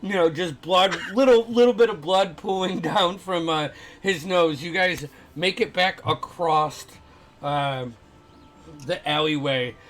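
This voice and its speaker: Rich, a man with a high, unhurried voice runs a tabletop game, narrating the scene with lots of halting fillers and restarts. He stops now and then to add playful sound effects. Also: fairly bright tone. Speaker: game master.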